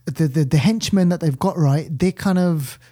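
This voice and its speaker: A man hosting a podcast, reviewing films in an animated, rambling chat. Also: a little high, moderate pace. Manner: animated, rambling, laughing storyteller. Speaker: podcast host, film reviewer. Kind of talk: casual chat.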